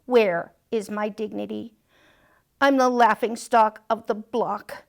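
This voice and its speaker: A woman's voice: medium pitch, steady tone, takes it slowly, gravelly. A woman voicing an indignant costumed dog. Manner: indignant, pleading. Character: embarrassed pet dog forced into costumes. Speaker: storytime reader. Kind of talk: reading a picture book aloud.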